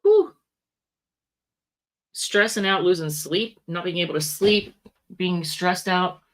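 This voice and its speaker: Speaking slowly in a low-leaning voice, a woman delivers a rambling, casual tarot reading. She often stops to correct herself and wanders into chatty asides.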